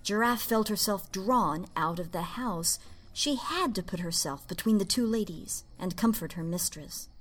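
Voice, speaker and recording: A woman narrating a story in an expressive, playful reading. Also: mid-range voice, normal speed.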